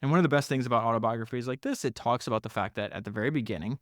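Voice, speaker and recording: Enthusiastic podcast guy retelling a founder story, middle pitch, dry close sound. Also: rapid-fire, no room sound. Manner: enthusiastic, frequent restarts and "you know". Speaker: podcast host. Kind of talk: retelling a biography, casual podcast talk.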